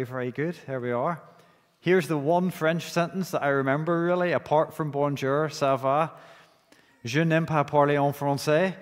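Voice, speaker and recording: A man with a Northern Irish accent leading prayer and talking to children in a church service. He often restarts phrases by repeating their opening words. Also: fairly high pitch. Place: church sanctuary. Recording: long church reverb.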